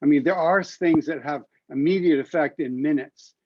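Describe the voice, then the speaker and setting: A man's voice: on the high side, normal speed, highs cut off. A man who is an airway expert, explaining his approach on a medical panel in an earnest way with hesitant uhs.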